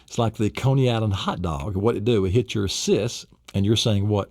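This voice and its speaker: Instructor, male low-pitched, lively storyteller, bursts of sound effects, dry close mic. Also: moderate pace, hardly any pauses, dry recording. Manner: animated storyteller, adds sound effects and asks rhetorical questions. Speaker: memory-training instructor. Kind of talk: recorded seminar lesson.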